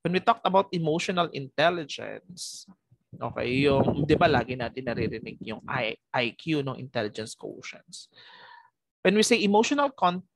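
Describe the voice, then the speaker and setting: A man's voice: mid-range voice, lively intonation, normal speed, creaky, no echo, rough recording. A man with a Filipino accent giving a recorded lecture, switching between Tagalog and English and tagging his points with questions. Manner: mixes Tagalog and English, frequent "no?" tag questions, chuckles often. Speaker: teacher.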